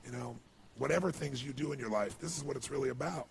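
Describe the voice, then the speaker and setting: A man's voice: medium pitch, fast talker, gravelly, a little hiss or hum. A man giving an earnest, emotional storytelling speech as a motivational speaker, with lots of "you know.".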